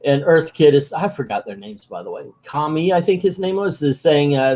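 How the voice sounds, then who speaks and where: A man's voice: on the high side, normal speed, few pauses, dark tone. A man casually recapping a cartoon episode as a channel host, with sarcastic, joking asides.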